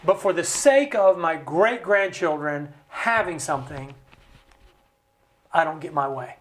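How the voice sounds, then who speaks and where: A man speaking as a studio guest, explaining with passion, in an animated way with jokey asides. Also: on the high side, a little slow. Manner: animated, acts out quoted voices, jokey asides. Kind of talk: impassioned conversational explanation. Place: recording studio.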